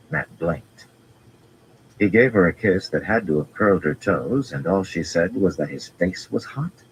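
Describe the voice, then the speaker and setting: A man narrates a fantasy novel in a measured, unhurried read-aloud manner. His voice is extremely deep and low. A faint ambient hum runs underneath the reading. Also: lively intonation, poor audio. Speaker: audiobook narrator.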